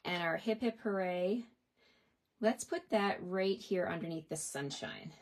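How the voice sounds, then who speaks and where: A woman's voice: on the low side, measured pace. A woman hosting a live card-making lesson, chatting to her viewers and cheering them on as she works. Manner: chatty, encouraging, talks to viewers. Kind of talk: live craft demonstration.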